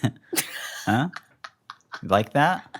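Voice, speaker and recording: Deep, very low-voiced joking man. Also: animated, moderate pace, fairly bright tone. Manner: joking, swearing, trailing off. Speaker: podcast co-host. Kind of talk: casual chat.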